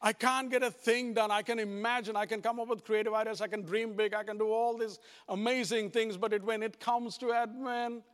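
A man with a notably high voice preaches a sermon, speaking directly to his congregation in an animated way and repeatedly restarting his lines. He talks briskly with few pauses, and the long reverb of a church hall rings around him.

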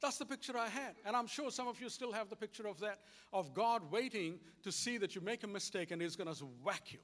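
A man's voice: high-pitched, a little fast, fairly bright tone. A man preaching a sermon, telling stories with animation and acting out dialogue. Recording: long hall reverb.

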